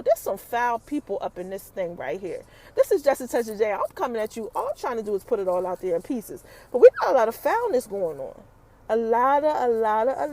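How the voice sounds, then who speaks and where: A woman's voice: sits high, darkish tone. A woman hosting a podcast, casually recapping a TV episode in a chatty storytelling way and talking straight to her listeners. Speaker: podcast host.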